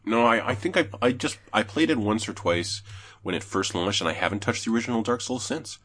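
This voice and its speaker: A young man chatting casually about video games, telling animated stories and swearing often. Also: fairly quick. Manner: animated storyteller, swears, jumps high when excited. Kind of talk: casual gaming chat.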